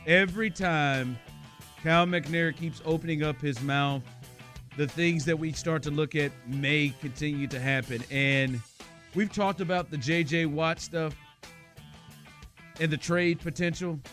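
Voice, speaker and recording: A man's voice: on the high side, fairly even intonation, a little slow, a bit bright, soft background music. A man hosting sports talk radio, chatting in an upbeat, conversational way and reading out scores.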